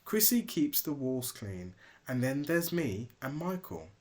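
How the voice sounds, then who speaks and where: Dad doing a bossy little mouse leader, rhyming, bouncy and slow. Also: male voice, mid-range voice, big pitch swings, darkish tone, voice pushed up. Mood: businesslike. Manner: brisk, rhyming, businesslike. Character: bossy, cheerful female mouse team leader. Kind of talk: storybook read-aloud.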